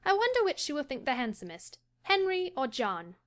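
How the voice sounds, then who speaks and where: This audiobook character voice belongs to an actress portraying a cheerful, reassuring young daughter who soothes her anxious dad. Sitting high, her pitch swoops wildly while her speed stays normal.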